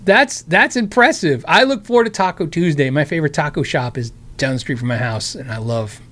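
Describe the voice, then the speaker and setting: Man, American accent, tired worn voice, rambling friendly live-stream chat, somewhat high pitch. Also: animated, fairly quick, a bit bright. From United States. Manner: rambling, friendly, with many restarts and asides. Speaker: guitar channel host answering live chat.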